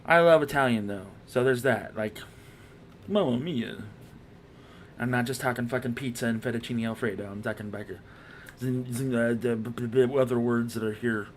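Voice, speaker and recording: A man's voice: mid-range voice, fairly even intonation, fairly quick, slight background noise. A man streaming a video game, chatting casually in a rambling, profane, self-mocking way. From Irish heritage.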